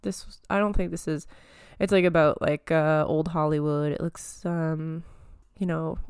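A woman's voice: low voice, steady tone, a little slow, darkish tone, clean tone, dry recording, studio quality. A young woman hosting a casual pop-culture podcast, rambling with lots of fillers and giggles, a little phlegm in her throat. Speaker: podcast host.

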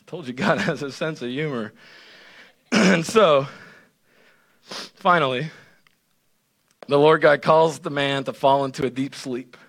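A male pastor giving an animated, conversational sermon that keeps checking in with the listeners. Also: fairly high pitch, unhurried, creaky, long pauses. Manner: animated, conversational preaching with frequent "right?".

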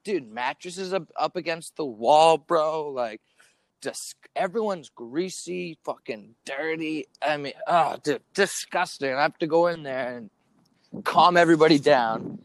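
A man's voice: a little high, a little slow, no echo. A man co-hosting a casual chat show, telling a long story in a rambling, profane way, full of fillers. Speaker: podcast co-host.

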